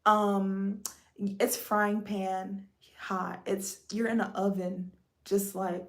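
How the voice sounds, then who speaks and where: A Southern US woman hosts a casual livestream chat, telling stories with dramatic exclamations and reading out viewer comments. She's an animated storyteller with a mid-range voice, and she takes it slowly.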